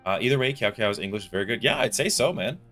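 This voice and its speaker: A young man from Canada with an East Coast accent talks fast and loose, joking and ribbing his chat as he plays. His voice sits a touch low but comes through bright and forceful. Soft music runs underneath. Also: expressive. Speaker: livestream gamer. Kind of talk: casual chat with chat while gaming.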